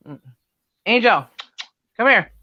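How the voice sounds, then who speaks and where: A middle-aged woman with a loud, brash voice, chatting casually on a livestream, laughing and cussing freely. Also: a little high, animated, slow, no room sound, muffled recording. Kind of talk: casual chat.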